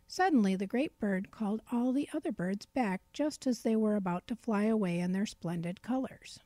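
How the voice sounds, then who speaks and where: A woman narrating a children's storybook in a gentle, clear read-aloud manner. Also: medium pitch, normal speed, few pauses, dry recording.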